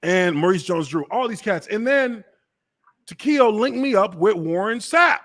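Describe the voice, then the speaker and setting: A man in his thirties who hosts a podcast and tells stories in a profane, animated way, acting out the voices he quotes. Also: high-pitched, normal speed. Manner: profane, acts out quoted voices, laughs often. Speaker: podcast host and former NFL lineman. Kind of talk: animated storytelling, casual chat.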